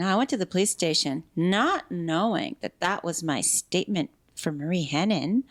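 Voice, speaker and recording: A woman guest talking candidly in an interview, animated, with quick restarts and acted-out quotes. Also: fairly low pitch. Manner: animated, fast restarts, acts out quoted speech. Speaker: podcast guest.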